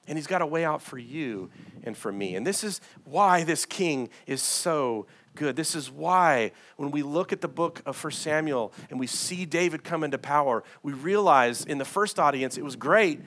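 A male pastor delivers a sermon in a church sanctuary, his pitch rising and falling in a lively, animated way. He moves between forceful, raised passages and hushed, quiet ones while reading scripture aloud. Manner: preaching with dramatic swings in loudness, reading scripture aloud.

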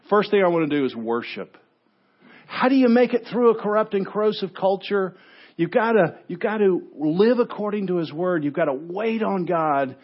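A man pastor preaches a sermon in a fairly high voice. He tells stories with animation, dropping low for points and rising to exclaim. The recording sounds dull and lo-fi. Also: slightly rough. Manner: animated storytelling, shifts from quiet to exclaiming.

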